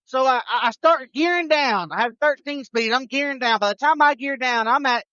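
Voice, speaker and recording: A man, a trucker co-host telling a road story on a live show, animated and restarting his sentences. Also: very high voice, normal speed, no echo, lo-fi sound.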